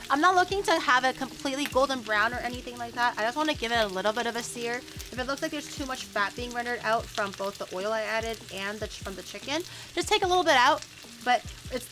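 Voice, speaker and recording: A woman with a slightly high voice chats casually to her stream while cooking. She slips into playful mock outrage when chat teases her, and music plays steadily under her voice. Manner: chatty, playfully indignant, bickering with chat.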